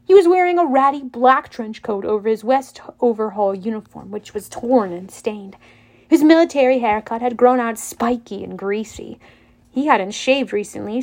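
High-voiced woman narrating an audiobook. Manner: expressive, voices characters.

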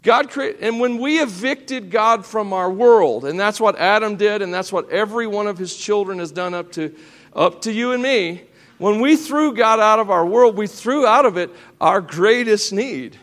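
A man's voice: high voice, normal speed, fairly bright tone, in a large hall. A middle-aged man preaching a sermon in a folksy, joking way, talking straight to the congregation and the kids, his voice cracking a little. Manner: folksy, joking, addresses the congregation and children directly. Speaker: pastor. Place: church sanctuary.

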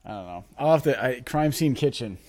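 A man's voice: medium pitch, animated, a little fast, a little mellow. A young man co-hosting a casual podcast, laid-back, giving short reactions and blunt opinions. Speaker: podcast co-host.

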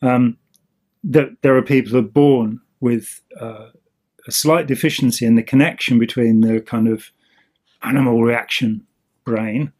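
Male co-host, husky voice, loose rambling explainer, casual chat. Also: medium pitch, steady tone, a little slow, a little mellow. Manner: rambling, with many ums and restarts. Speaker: podcast co-host.

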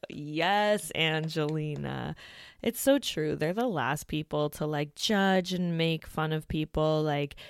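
Sarcastic woman with a low, smooth voice. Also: dry recording, clean studio sound. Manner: blunt, sarcastic, swears a lot, says "like" constantly. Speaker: recap commentator. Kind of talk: casual reality-show recap.

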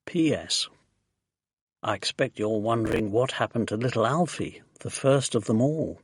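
A man narrating a children's storybook in a lively, expressive way. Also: mid-range voice, normal speed, slightly rough, dry recording. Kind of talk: storybook reading.

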